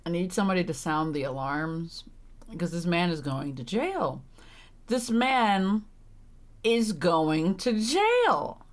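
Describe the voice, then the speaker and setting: A woman's voice: on the low side, sing-song, slow. A young woman streaming a visual novel, reading lines and reacting with sarcastic, exasperated, sweary commentary. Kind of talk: casual let's-play commentary.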